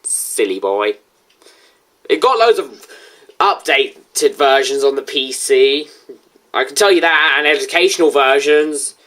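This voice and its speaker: A woman's voice: low voice, expressive, a little slow, a bit bright. Sarcastic woman doing game commentary over a reaction vid, blunt, corrects stuff a lot. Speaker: video reviewer and commentator.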